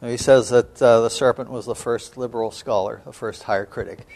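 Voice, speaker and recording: A man lecturing as a seminary professor on scripture, measured and thoughtful, with frequent pauses and an occasional throat-clearing. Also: medium pitch, steady tone, a little mellow. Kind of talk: biblical studies lecture.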